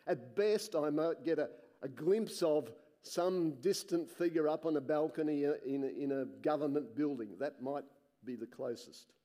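A man preaching, reading scripture slowly and earnestly, his voice dropping soft and low at the ends of phrases, with musing, excited asides between readings.

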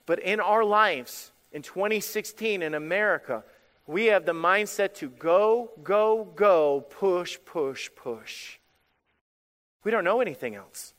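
A male pastor preaching a sermon in an animated, emphatic way, repeating phrases for effect. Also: high-pitched, takes it slowly, big-room sound.

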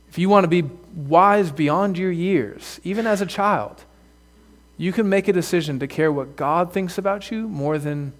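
High-voiced pastor preaching earnestly. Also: male voice. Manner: earnest, direct, addresses children in the pews. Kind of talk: sermon. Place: church sanctuary.

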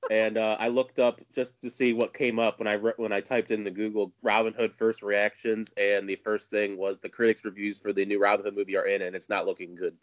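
A man's voice: fairly low pitch, flat delivery, fairly quick, few pauses, dry recording. A man co-hosting a movie news chat, talking casually with wry humor, on a dull lo-fi recording. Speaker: co-host of a movie news show. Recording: dull lo-fi mic sound.

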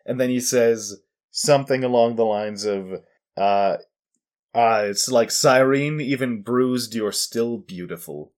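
A man's voice: mid-range voice, slow pace, a little mellow. A young man casually recapping an anime episode on a podcast, rambling with fillers and laughs. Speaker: podcast co-host.

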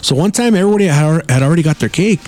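A man's voice: fairly high pitch, lively intonation, rapid-fire, darkish tone, soft background music. A man hosting a podcast, telling rambling stories with heavy swearing and laid-back slang. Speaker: podcast host. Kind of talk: casual storytelling.

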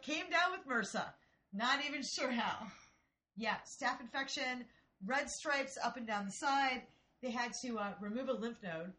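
A woman in her forties from Ohio, telling a story in casual, profane, animated chat. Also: a little high, unhurried. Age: 40s.

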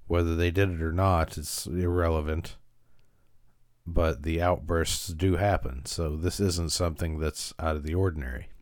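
A man's voice: sits low, fairly even intonation, moderate pace, no room sound, clean studio sound. A man hosting a podcast, casually recapping an episode with frequent fillers and restarts. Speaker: podcast host.

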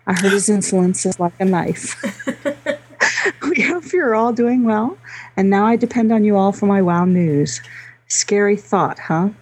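A woman's voice: mid-range voice, animated, a little slow, a little mellow, breathy edge, poor audio. A woman speaking on a casual gaming podcast, friendly and lightly teasing. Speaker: podcast co-host. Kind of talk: casual chat.

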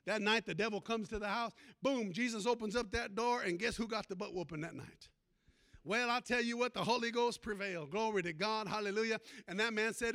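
This pastor's voice is high-pitched, bright, and pushed, moving a little fast. He tells a story during his sermon and keeps prompting the congregation to answer with amens.

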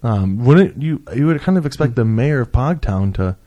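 A man's voice: mid-range voice, lively intonation, normal speed, mellow, highs cut off. A man hosting a casual comedy podcast, joking and swearing as he teases his guests. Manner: profane, joking, teasing. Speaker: podcast host.

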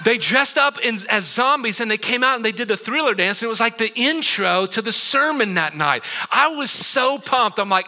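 A middle-aged male pastor preaching in a church auditorium, telling a story with lively asides to the congregation. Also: very high-pitched, moderate pace, hardly any pauses. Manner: animated storytelling with asides to the audience. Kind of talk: sermon.

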